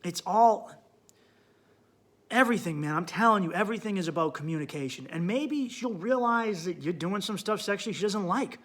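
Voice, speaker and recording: A man's voice: high-pitched, lively intonation, moderate pace. A man hosting a podcast and giving blunt, profane relationship advice in an emphatic monologue. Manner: blunt, emphatic, swears a lot, swings up loud when worked up. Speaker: podcast host and comedian.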